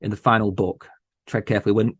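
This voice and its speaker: A man guest on a podcast, talking in an earnest, emotional way with many halting restarts. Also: lowish voice, fairly even intonation, a bit bright, breathy edge, no echo. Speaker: podcast host, interview guest. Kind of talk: casual interview chat.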